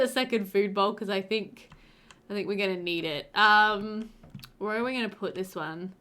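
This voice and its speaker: A woman's voice: mid-range voice, a bit bright. A young woman casually commenting on her life-sim gameplay, chatty and doting, cooing over the pets with frequent laughter. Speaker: let's play host.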